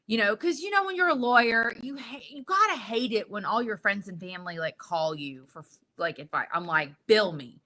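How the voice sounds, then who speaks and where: Young woman, bright and sharp, animated cursing storyteller on a podcast. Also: mid-range voice, fairly quick, hardly any pauses. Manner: animated, profane, acts out quotes. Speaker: podcast guest telling a story. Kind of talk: casual storytelling chat.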